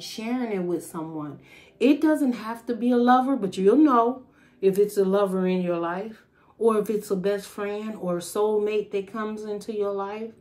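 A woman's voice: medium pitch, a little mellow. A woman giving a casual, rambling tarot reading, thinking aloud with fillers and trailing thoughts. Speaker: tarot reader.

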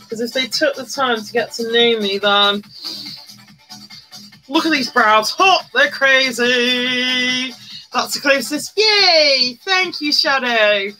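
Bubbly high-voiced woman livestreaming. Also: bright, forceful tone, rough recording. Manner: bubbly, greets viewers by name, squeals and hums. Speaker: livestream host. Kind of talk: chatty live-stream commentary while doing makeup. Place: indoors at home, live streaming. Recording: faint music behind.

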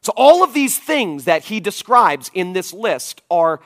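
A man in his forties preaching a conference sermon, telling stories in an animated, emphatic way with frequent asides to the audience. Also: high voice, a little slow. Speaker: pastor. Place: church auditorium.

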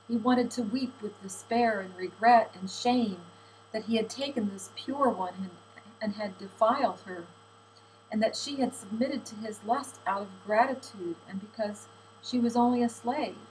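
A woman reading a historical novel aloud in measured, expressive audiobook narration. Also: medium pitch, a little hiss or hum, poor audio. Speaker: audiobook reader.

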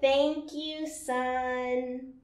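Woman teaching little kids yoga, high voice, super slow and playful, sounds roomy and far off. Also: flat delivery. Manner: slow, gentle and playful, with sung lines and animal sounds. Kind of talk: guiding a children's yoga class.

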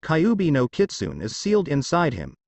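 A calm, understanding male ninja teacher as read by a synthetic man's voice, with a mid-pitched, lively cadence. The sound is close and dry. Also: normal speed, creaky, dry recording, full character voice. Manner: even, flat machine reading.

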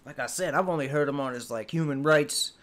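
A man's voice: on the high side, brisk, fairly bright tone. A man hosting a reaction video, casually exclaiming, swearing and laughing as he comments on a rap track.

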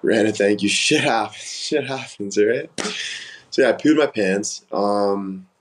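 A young man with a fairly low voice hosts a casual live stream. He rambles candidly through personal stories and answers comments from viewers as they come in. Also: measured pace, poor audio. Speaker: livestream host. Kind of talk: casual livestream chat.

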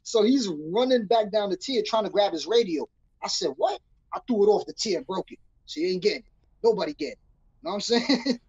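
A young man with a husky, breathy voice, telling a story as an interview guest. He acts out the people he quotes in street slang. The sound is close and dry on a dull, slightly lo-fi recording. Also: high-pitched, very animated, brisk, darkish tone, no room sound. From New York City. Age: young adult. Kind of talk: casual storytelling.

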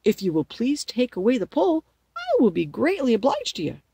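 A woman voicing a friendly straw-stuffed scarecrow man with a husky, eager voice. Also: fairly high pitch, huge pitch swings, fairly quick, warm tone, no room sound, voice pushed up, full character voice. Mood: polite.

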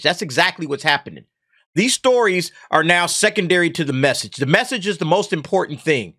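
A man's voice: sits high, animated, pushed and bright. A man hosting an opinionated commentary show, talking casually with mocking laughter and repeated "okay?" and "man". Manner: mocking, laughs often, drawn-out emphasis. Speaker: commentary channel host.

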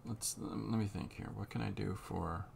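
A man talking through a drawing tutorial as he works, unhurried and halting, thinking aloud. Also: fairly low pitch, fairly even intonation, vocal fry, a little mellow, slight background noise. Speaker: comic artist drawing on camera.

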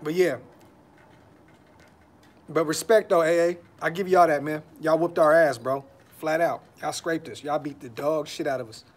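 A man's voice: a little high, normal speed, long pauses. A man hosting a fan podcast, talking casually on a live stream with frustration, blunt slang and lots of repeats. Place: brother's house.

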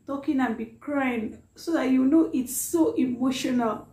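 A woman with a high, mellow voice hosts a reaction vlog, tearful after crying. She talks in an apologetic, halting way, leaning heavily on "like," in an echoey room with faint noise.

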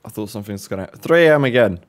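A man casually commenting while playing a horror game, joking, reacting fast and swearing now and then. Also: fairly low pitch, expressive. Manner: jokey, swears, quick reactions. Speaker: let's play host.

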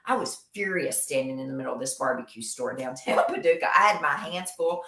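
A woman's voice: extremely low pitch, expressive, brisk, few pauses, fairly bright tone, reverberant. A woman from Kentucky, hosting a casual livestream and talking emphatically, repeating phrases to drive her points home. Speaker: nurse practitioner and show host.

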